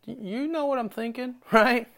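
A man preaching a sermon, animated and self-deprecating, acting out conversations between God and Moses. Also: extremely high pitch, moderate pace, vocal fry. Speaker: pastor.

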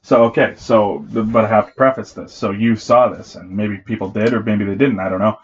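A man's voice: fairly low pitch, steady tone, brisk, breathy edge. Man, podcast co-host, casual chat, rambling, self-interrupting, slightly muffled recording.

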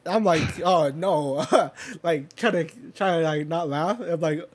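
Unhurried and husky, a young adult man with a higher-pitched voice chats casually. He drifts through a long story crowded with fillers and swear words, laughing a little as he talks.

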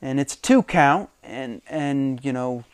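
A man hosting a podcast, recapping old wrestling shows in a casual, chatty way, laughing often and quoting wrestlers in animated bursts. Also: mid-range voice, takes it slowly, clean tone, no room sound, clean studio sound. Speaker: podcast host.

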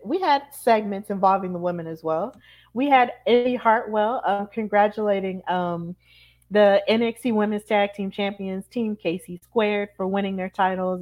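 Casual co-host: woman, chatty recap voice, animated storytelling, mid-range pitch. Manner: chatty, animated retelling with acted-out quotes. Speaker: podcast co-host. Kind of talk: casual wrestling recap chat.

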